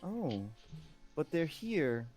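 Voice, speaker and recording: A woman's voice: low-pitched, big pitch swings, extremely slow, a little mellow, faint music behind, pitched above the performer's own voice, exaggerated voice. A man voicing a creepy, eccentric noblewoman who speaks in a vacant, dreamy way. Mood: airy, doting.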